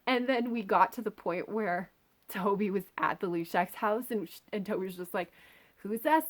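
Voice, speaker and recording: A woman's voice: medium pitch, moderate pace. A woman reviewing a book in a casual, chatty, enthusiastic way, full of filler words. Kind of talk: casual chat.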